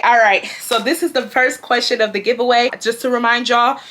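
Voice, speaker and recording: Bright-voiced young woman telling a story. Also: a little high, a little fast, a little hiss or hum. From Houston, Texas. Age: 20s. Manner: animated, slangy, swears freely. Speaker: storytime vlogger. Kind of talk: casual storytime chat.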